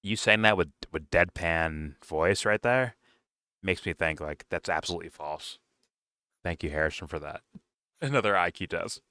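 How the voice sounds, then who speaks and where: A man's voice: low voice, normal speed, bright, forceful tone, dry recording, clean studio sound. A man reacting live to a clip, talking to his audience in a profane, mocking way. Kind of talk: casual reaction commentary.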